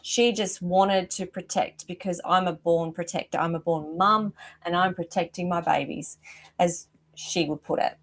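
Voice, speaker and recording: A woman's voice: lowish voice, fairly even intonation, normal speed, fairly bright tone. Chatty middle-aged woman, rooster outside. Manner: chatty, effusive, breaks off mid-sentence. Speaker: animal communicator, host. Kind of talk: live-stream psychic reading. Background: rooster crowing outside.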